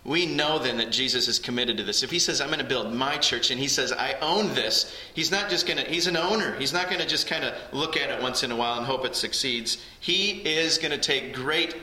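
A man's voice: medium pitch, fairly quick, few pauses, bright, forceful tone. A man preaching a sermon as pastor, earnest and building emphasis on key phrases. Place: church sanctuary. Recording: echoey church hall.

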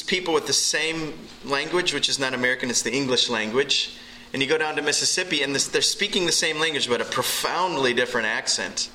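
A man preaching a sermon and leading prayer in church, earnest and pausing often as he restarts phrases. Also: mid-range voice, pushed and bright, a little hiss or hum, rough recording. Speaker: pastor. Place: church hall.

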